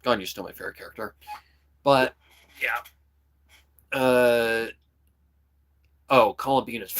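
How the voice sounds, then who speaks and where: A young man streaming, chatting casually and rambling about voicing characters, often breaking into quick voice demos. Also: medium pitch, fairly bright tone. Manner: rambling, full of "kinda" and "like", jumps into voice demos. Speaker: streamer and hobby voice actor. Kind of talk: casual livestream chat.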